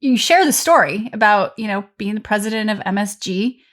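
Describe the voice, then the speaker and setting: A woman hosting a podcast interview, asking questions and giving quick affirming reactions. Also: mid-range voice, expressive. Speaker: podcast host.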